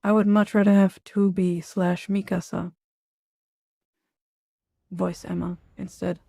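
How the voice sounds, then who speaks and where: A woman streaming a game, talking slowly in a low-key, wry and exasperated way. Her voice is deeply gravelly and mellow with a husky edge, recorded close and dry. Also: flat delivery, no echo. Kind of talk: casual live-stream commentary.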